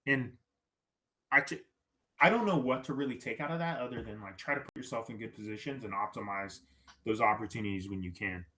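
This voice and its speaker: Animated man telling a story. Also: mid-range voice, a little fast. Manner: animated, acts out quoted voices, says "right?" often. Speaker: podcast guest. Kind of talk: casual storytelling.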